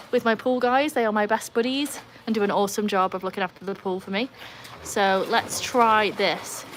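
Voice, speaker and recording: An Englishwoman with an English accent hosts a relaxed live stream from beside a backyard pool, chatting with viewers as they join. Her voice sits at an ordinary mid pitch and leaps up brightly whenever she greets someone. A faint hum of outdoor ambience sits behind her. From England. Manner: chatty, jumps to high excited greetings. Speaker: livestream host reading chat. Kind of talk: casual live chat.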